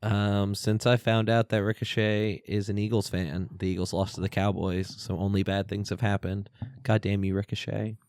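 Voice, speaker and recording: Man, podcast co-host, chatty and animated, lowish voice, dry sound. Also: moderate pace, no echo. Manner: chatty, animated storyteller with laughs. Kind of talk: casual chat.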